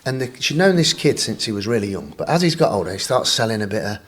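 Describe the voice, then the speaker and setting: A man, a podcast guest, telling a wild story in an animated way, laughing and swearing freely. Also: fairly low pitch, quick pace, breathy edge. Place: podcast studio.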